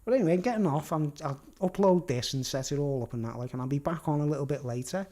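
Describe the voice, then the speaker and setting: Rambling Scouse man, slightly high voice. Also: fast, warm tone. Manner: rambling, keeps saying "you know what I mean". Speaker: vlogger. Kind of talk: rambling live-stream monologue.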